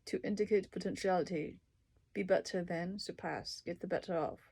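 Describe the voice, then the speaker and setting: A woman reading through dictionary entries and explaining each one with everyday examples, in an unhurried, casual way. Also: lowish voice, steady tone, creaky, husky. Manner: unhurried, explaining words with examples, soft asides. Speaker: language tutor.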